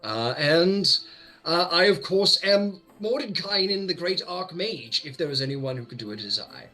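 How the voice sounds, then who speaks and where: A man's voice: on the high side, lively intonation, normal speed, bright, forceful tone, faint music behind, pitched above the performer's own voice. A man voicing a pompous, self-important old male archmage who is impatient and dismissive. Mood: boastful.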